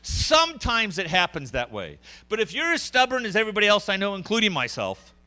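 A middle-aged male pastor preaching in a lively, conversational way, his voice rising and falling a great deal. His tone is bright and forceful, and he sits a little above the usual male pitch. He turns often to the congregation with asides and questions. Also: fairly quick, clear, resonant tone, faint music behind. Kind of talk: sermon.

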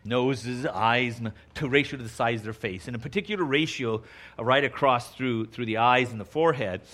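Bright-voiced man preaching folksy sermon. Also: medium pitch, brisk. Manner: folksy, conversational, uses y'all; acts out quotes in raised voice.

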